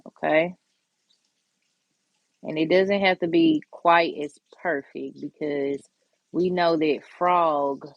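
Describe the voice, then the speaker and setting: A woman with a deep, low voice talks viewers through a nail art design in easy, encouraging chat. She speaks straight to the audience and slips into soft whispers at the detailed steps. The sound is dull and a little lo-fi, dry and close. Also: no room sound. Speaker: nail tutorial host. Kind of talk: casual step-by-step tutorial chat.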